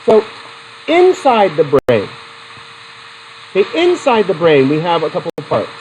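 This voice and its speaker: The speaker is a middle-aged man running a psychology class, speaking a little slowly at a fairly high pitch. He engages students animatedly through questions and anecdotes. The recording is low quality, with a faint hiss or hum.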